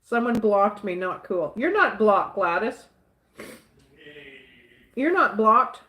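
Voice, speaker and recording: A woman's voice: mid-range voice, big pitch swings, slow, a bit bright, reverberant. A woman hosting a livestream, chatting casually and reading out viewer comments, laughing often and repeating little catchphrases. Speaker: livestream host.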